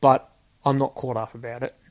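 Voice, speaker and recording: A man's voice: medium pitch, level tone, fairly quick. An Australian man, a former police officer, telling casual stories as a podcast guest and acting out the dialogue. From Sydney, Australia. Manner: acts out quoted dialogue, laid-back. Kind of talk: casual storytelling.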